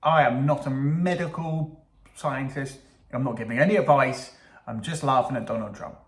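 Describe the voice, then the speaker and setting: A man's voice: medium pitch, moderate pace. A man casually reacting to news clips, sarcastic, swearing and laughing at his own jokes. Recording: echoey room.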